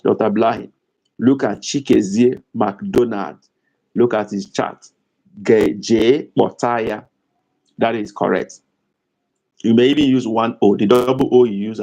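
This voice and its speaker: A man's voice: fairly low pitch, creaky, darkish tone, low-quality recording. A middle-aged man, hosting a live online language lesson, correcting learners' chat answers and repeating key words. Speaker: language tutor and host.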